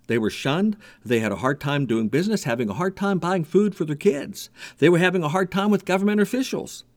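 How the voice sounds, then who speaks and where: A man preaching a sermon, animated and repeating himself as he builds his point. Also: high-pitched, fairly quick. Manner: animated preaching with repetitions and a told joke. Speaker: pastor.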